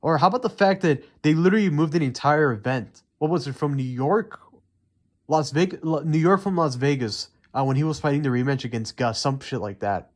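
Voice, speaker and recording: A man's voice: on the high side, fairly quick. A young man ranting heatedly and profanely in unscripted commentary, rambling with many fillers. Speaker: MMA commentary YouTuber.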